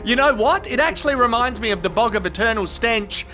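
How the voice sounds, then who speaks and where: A man with an Australian accent giving scripted comic commentary on a video, deadpan with sudden incredulous outbursts. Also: very high-pitched, a little fast.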